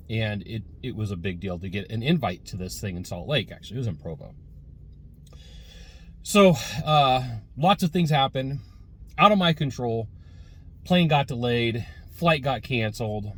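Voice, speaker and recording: A man's voice: medium pitch, lively intonation, unhurried, husky. A man giving a casual, rambling sales lesson with many fillers and restarts, recorded while sitting in a car. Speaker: sales trainer.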